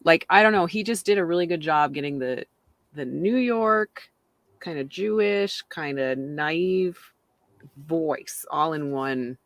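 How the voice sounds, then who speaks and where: A man's voice: on the high side, measured pace, fairly bright tone, no echo. Hesitant co-host man, dry sound. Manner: hesitant, searches for words. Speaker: podcast co-host. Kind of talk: casual chat.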